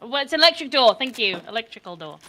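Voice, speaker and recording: Woman co-player, bright higher voice, very lively, giggly blunt gaming chat. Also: quick pace, a little hiss or hum.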